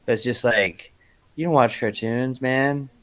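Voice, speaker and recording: A man's voice: mid-range voice, steady tone, measured pace. A man co-hosting a podcast, chatting casually with wry jokes and exaggerated rants. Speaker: podcast co-host. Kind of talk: casual chat.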